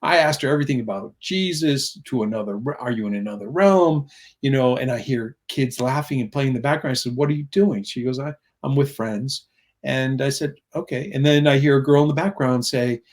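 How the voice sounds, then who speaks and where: A man's voice: medium pitch, darkish tone. Middle-aged male guest, earnest storyteller, drifts off topic, voices other people in his anecdotes. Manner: earnest, rambling, quotes voices in stories. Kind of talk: conversational storytelling.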